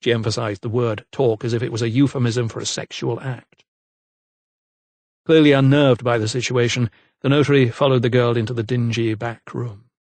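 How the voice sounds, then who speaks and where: A man narrating an audiobook in a measured, steady storytelling manner, close on the mic. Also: medium pitch, no echo. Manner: measured, evenly paced storytelling. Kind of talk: scripted narration.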